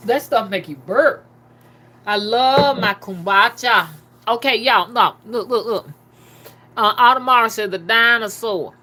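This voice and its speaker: A woman's voice: fairly high pitch, measured pace, sharp tone, slight background noise. A woman hosting a casual livestream, reading viewer comments aloud in a loose, talkative manner. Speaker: livestream host.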